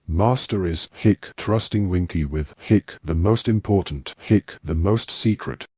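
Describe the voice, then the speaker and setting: A man's voice: low voice, dark tone, breathy edge, dry recording, clean studio sound. A man voicing a drunk, tearful female house elf who hiccups and halts between words. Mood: drunk sulky. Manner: hiccuping, halting, slurred.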